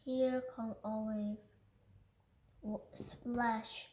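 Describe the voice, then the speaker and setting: A woman's voice: on the high side, little pitch movement, drawn-out words, dark tone, echoey room. A woman whose first language is Korean reads a picture book aloud carefully, stumbling and restarting on words. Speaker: reader.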